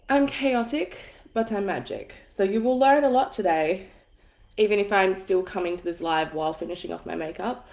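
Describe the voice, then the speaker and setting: A woman in her thirties, tired and a bit husky from an early start, hosting a live money masterclass from home on her phone in a chatty, self-deprecating way with plenty of swearing. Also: fairly low pitch, darkish tone, echoey room. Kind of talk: casual livestream teaching. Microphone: phone on a tripod.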